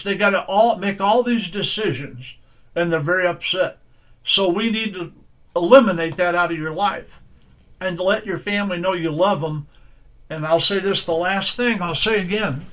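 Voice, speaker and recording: A man, a pastor, speaks straight to the camera in a fairly high, bright, edged voice. His talk is earnest and folksy, circling back to hammer the same points home. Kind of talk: direct-to-camera sermon-style advice.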